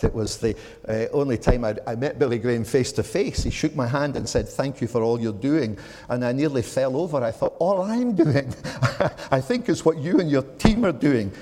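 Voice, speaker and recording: A Scottish man in his seventies giving a measured, reflective talk to a church audience, with frequent ums. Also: medium pitch, gravelly, dark tone. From Scotland. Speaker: speaker at a church gathering. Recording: long hall reverb.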